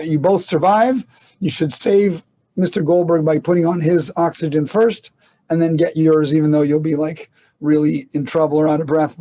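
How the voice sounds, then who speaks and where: A man's voice: fairly high pitch, mellow, muffled recording. A man teaching a casual online class on medical ethics, talking conversationally with restarts and rhetorical questions.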